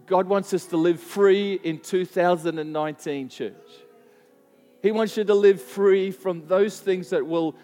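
A man's voice: sits high, a little mellow, long reverb tail. A man preaching a sermon to a church, telling a story earnestly and often restarting his sentences. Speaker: pastor.

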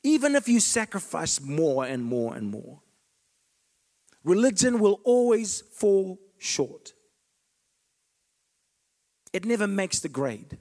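Passionate high-pitched male preacher. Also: big pitch swings, takes it slowly, long pauses. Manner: passionate, swinging from loud declarations to hushed asides. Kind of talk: sermon.

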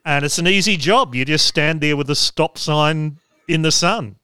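A man's voice: on the high side, normal speed, sharp tone, clear, resonant tone. A man hosting a podcast, explaining things in casual chat with wry asides. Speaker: podcast host.

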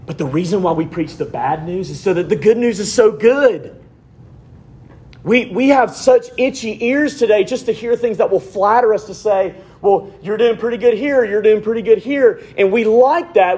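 Husky-voiced man preaching with big swings. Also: high voice. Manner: swings from loud emphatic preaching to hushed near-whispers. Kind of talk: sermon.

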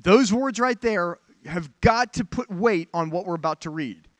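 A man with a fairly high voice preaching a sermon in a frank, conversational manner, often turning aside to talk straight to the congregation. His voice is picked up close and dry, with almost no room sound. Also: lively intonation, normal speed, no echo. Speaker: pastor.

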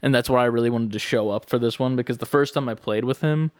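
A man's voice: mid-range voice, fast talker, dry recording, clean studio sound. A young man chatting on a podcast, telling a rambling story full of fillers. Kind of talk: casual chat.

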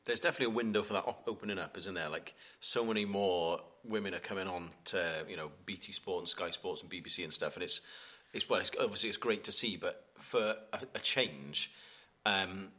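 A man's voice: low-pitched, a little fast, bright, forceful tone. A man co-hosting a podcast, giddy and laughing often. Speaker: podcast co-host. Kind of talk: casual podcast chat.

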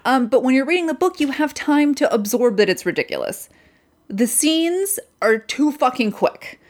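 Podcast co-host, woman, higher voice, blunt, sweary, ranting casual chat. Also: sing-song, moderate pace. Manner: blunt and profane, rants with frequent swearing.

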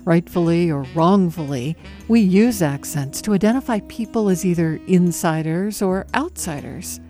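A woman's voice: fairly low pitch, moderate pace, dark tone, faint music behind. A woman hosting a radio show, reading a scripted introduction and asking curious, conversational interview questions.

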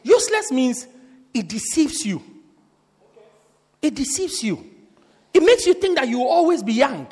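A male pastor preaching in a big, echoing church hall. His voice sits very high, and his pitch swings widely as he jokes with the crowd. He acts out little quotes and breaks into sudden shouts. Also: measured pace, pauses often, breathy edge. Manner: animated and joking, with acted-out quotes and sudden shouts. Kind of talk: lively sermon. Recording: reverberant hall.

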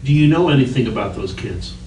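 Plain-spoken father asking steady questions. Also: medium pitch, fast. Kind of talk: family conversation on a home recording. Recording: echoey room, far from the mic, noisy.

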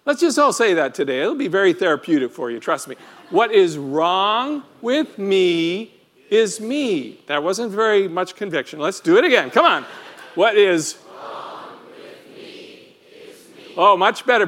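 A man preaching a sermon in an animated, conversational way, full of rhetorical questions. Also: high voice. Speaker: pastor.

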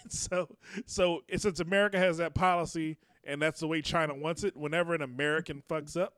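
A man co-hosting a podcast in casual chat, animated, swearing freely and laughing often. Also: a little high, normal speed, clean tone, dry recording, clean studio sound. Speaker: podcast co-host.

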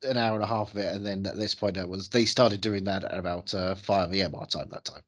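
A man's voice: low-pitched, fairly even intonation, quick pace. A man hosting a podcast, chatting casually in a playful, rambling, teasing way. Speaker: podcast host.

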